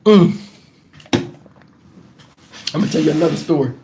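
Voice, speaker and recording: A man hosting his channel, telling profane stories to viewers in a casual, animated way and breaking into laughter. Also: on the high side, moderate pace, background noise. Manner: talks straight to the audience with questions. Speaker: channel host telling stories to a live chat.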